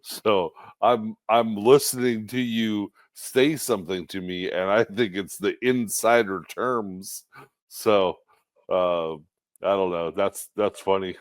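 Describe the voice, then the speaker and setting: A man with a low voice co-hosting a casual wrestling podcast. He talks in a relaxed way and laughs often, and his voice sounds close and dry, with no room echo. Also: takes it slowly. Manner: laid-back, laughs often, calls people bud. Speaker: podcast co-host.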